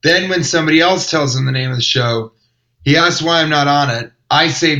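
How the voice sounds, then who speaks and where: Bright-voiced man telling comic stories. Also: fairly high pitch, a little fast, rough recording. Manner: rambling, wry, self-interrupting. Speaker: comedian and podcast host. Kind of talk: casual comedic storytelling.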